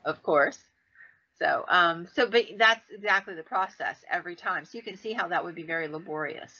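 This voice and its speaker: A woman podcast host telling stories in a casual, animated way, acting out the people she quotes. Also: a little fast. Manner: animated, acts out quoted voices with big pitch jumps. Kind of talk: casual storytelling. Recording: dull lo-fi sound.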